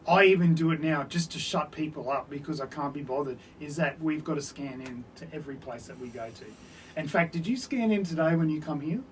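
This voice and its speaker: An older Australian man speaks easily and agreeably, with a voice pitched a little higher than most men's. He often lets his words trail off quietly, and he sounds distant from the microphone, with light background hiss. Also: brisk. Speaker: podcast co-host. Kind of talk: casual chat. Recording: distant mic with faint hiss.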